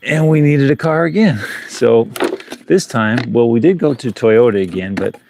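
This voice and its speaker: A man's voice: medium pitch, animated, moderate pace, vocal fry, background noise. A middle-aged man vlogging live outdoors on a rural building site, chatting in a rambling way and chuckling between thoughts. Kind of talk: casual live-stream chat. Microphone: clip-on mic.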